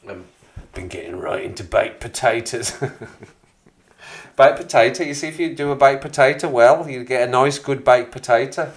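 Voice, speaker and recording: A man in his forties hosts a relaxed live stream, rambling and greeting viewers by name while he chats. His pitch is mid-range, his speed normal, and he laughs easily. The room has a noticeable echo.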